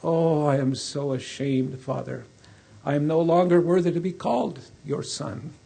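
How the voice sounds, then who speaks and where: A man voicing a desperate, ashamed young runaway son who pleads in a pained, husky voice. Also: a little high, moderate pace, mellow. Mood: pleading.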